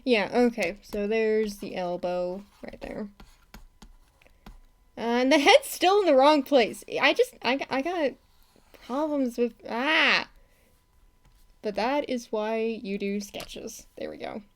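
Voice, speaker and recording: A woman's voice: on the high side, animated, a little slow. A young woman from the United States chatting casually on a live stream while she animates, talking in a chatty way with lots of laughs and self-corrections. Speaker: animator streaming her work.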